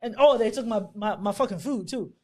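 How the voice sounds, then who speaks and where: A woman from Bermuda, a podcast co-host telling a story in casual chat, animated and swearing freely as she laughs. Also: mid-range voice, fairly quick, crowd noise.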